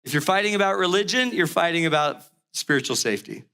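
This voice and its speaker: Middle-aged male relationship speaker, animated storyteller, high bright voice. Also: fast talker, vocal fry, clear, resonant tone. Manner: animated storyteller, acts out characters. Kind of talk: motivational talk with acted-out stories.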